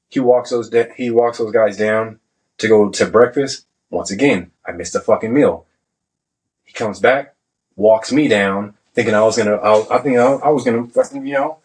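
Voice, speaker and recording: A man's voice: medium pitch, poor audio. A man, a Navy veteran guest, telling stories in a casual, profane way and acting out the people he quotes. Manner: profane, animated, acts out quotes. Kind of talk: casual storytelling.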